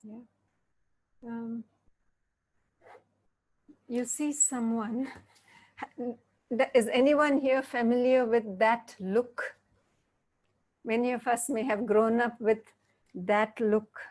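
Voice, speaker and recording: A woman giving a reflective interactive talk, speaking gently and often checking in with her listeners. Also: fairly high pitch, steady tone. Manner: slow, gentle, checks in with "yeah?".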